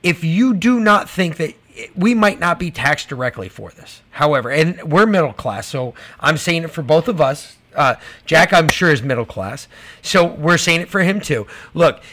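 A man's voice: fairly high pitch, expressive, normal speed, a bit bright. A male podcast co-host ranting casually and profanely about prices and taxes. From Georgia. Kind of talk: casual political chat.

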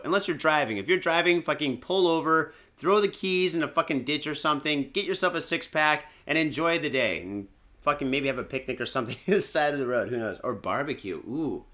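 Day drinking and chatting loosely on his podcast, this Michigan man swears constantly, jokes around, and uses lots of fillers. His voice sits on the high side, sing-song, fairly quick, and pushed and bright.

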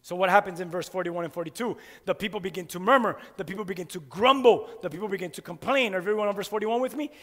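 A man preaching a sermon in an animated way, firing rhetorical questions at his listeners. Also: high-pitched, fast talker, hardly any pauses. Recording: long hall reverb.

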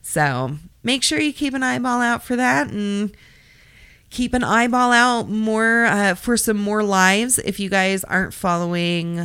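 A woman's voice: mid-range voice, a little slow, fairly bright tone, clean tone, no room sound, clean studio sound. A woman co-hosting a podcast, telling a story in casual chat with frequent swearing and sassy asides. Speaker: podcast co-host.

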